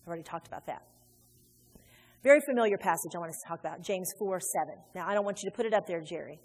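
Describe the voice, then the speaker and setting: A woman pastor preaching a sermon in a large church, animated and conversational, acting out little quotes as she goes. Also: on the low side, fast talker, breathy edge. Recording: reverberant hall with faint music.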